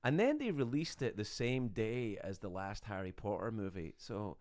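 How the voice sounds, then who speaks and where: Lively Scottish man telling stories. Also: lowish voice, moderate pace, no room sound, clean studio sound. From Scotland. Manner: animated, self-mocking storyteller with frequent restarts. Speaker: guest. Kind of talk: casual storytelling interview.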